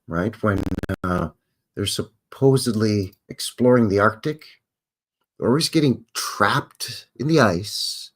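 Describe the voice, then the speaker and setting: Reading out historical facts on a live show he hosts, this Canadian man keeps interrupting himself with dry, offhand remarks. His voice is husky, a bit bright and on the low side, and his delivery is slow.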